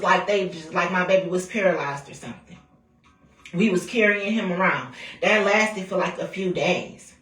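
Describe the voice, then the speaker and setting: A woman telling a story about her own family, talking bluntly with lots of swearing and animated retelling. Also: mid-range voice. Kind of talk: casual storytime rant. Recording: echoey room, voice a bit far from mic.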